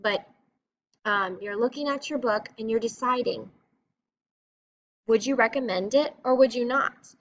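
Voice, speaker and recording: Woman teacher, encouraging, step-by-step explanations, slightly high pitch, dull lo-fi sound with faint hiss. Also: unhurried, pauses often, a bit bright. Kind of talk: recorded classroom reading lesson.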